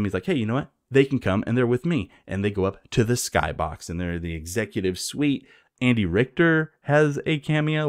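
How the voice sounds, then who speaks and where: Brief: low-voiced man, sarcastic rambling movie recap, dry close sound. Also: no echo. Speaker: movie reviewer.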